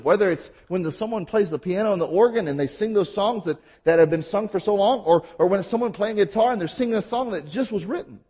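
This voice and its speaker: A male pastor delivering a sermon, his voice sitting high and swinging widely in pitch. There is a husky edge to it as he presses his points with emphatic rhetorical questions. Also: darkish tone.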